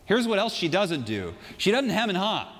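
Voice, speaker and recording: A man preaching a sermon, telling a story with lively swings between loud and hushed delivery. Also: high voice, normal speed, big-room sound. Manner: animated storytelling, acting out voices in quotes. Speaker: pastor.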